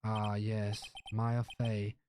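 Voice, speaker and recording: A man's voice: fairly low pitch, monotone, very slow, noisy background. A man putting on a pompous old Southern lawyer. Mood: blustering. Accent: put-on Southern US. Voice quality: drawling, throat-clearing, stammering excuses. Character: pompous older male lawyer, evasive and blustering.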